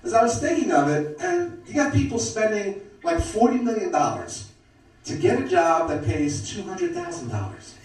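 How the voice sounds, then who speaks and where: A man's voice: high voice, wildly swooping pitch, normal speed, darkish tone. A middle-aged man doing a wisecracking stand-up set, working the crowd. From Brooklyn, New York. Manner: brash, wisecracking, crowd work. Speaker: stand-up comedian. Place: comedy club stage. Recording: echoey club from far off.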